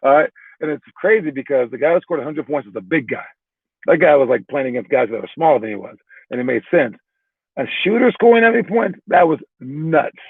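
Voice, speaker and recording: A man's voice: fairly high pitch, animated, fairly quick, gravelly, slightly rough, dry recording. A man working as a basketball trainer, casually explaining drills with loose, talky delivery, frequent restarts and repeated "all right"s. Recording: tinny phone-like dry sound.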